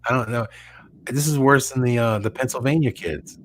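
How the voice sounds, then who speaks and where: A man with a Texan accent co-hosting a live show in casual chat, rambling and halting with many restarts. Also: mid-range voice, slight background noise.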